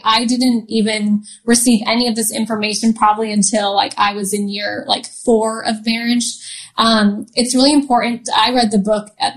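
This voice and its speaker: A woman in her thirties telling a personal story as an interview guest, chatty and often laughing, with many fillers. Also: on the high side.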